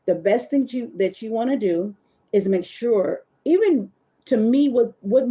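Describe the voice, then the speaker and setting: A middle-aged woman hosting a casual live stream, chatty and animated, talking straight to her viewers and often stopping to correct herself. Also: medium pitch, slightly rough. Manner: self-correcting, searches for words. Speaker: webcam model host.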